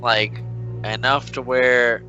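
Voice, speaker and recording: Bright-voiced brash joking man. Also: mid-range voice, flat delivery, dull audio, faint music behind. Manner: brash, joking, quick banter. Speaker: player. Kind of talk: casual tabletop play.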